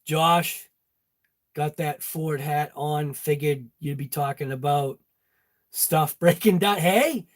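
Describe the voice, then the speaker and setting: A man's voice: on the high side, slow. A man hosting a casual chat in his garage workshop, joking and talking to viewers by name. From Massachusetts. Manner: jokey, talks to viewers by name. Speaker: channel host.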